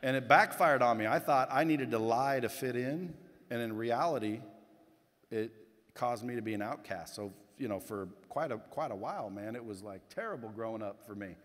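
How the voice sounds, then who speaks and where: A man's voice: mid-range voice, moderate pace, a bit bright. A man giving a motivational keynote speech to a conference crowd, blunt and casual, swearing and addressing the audience directly. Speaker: keynote speaker. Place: conference hall stage. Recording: long hall reverb.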